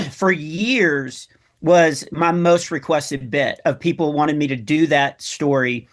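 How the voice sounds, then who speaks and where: A man with a notably high-pitched voice, appearing as a comedian guest in a relaxed chat. He slips in dry, wry jokes as he tells his stories. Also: slow. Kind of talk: casual conversation.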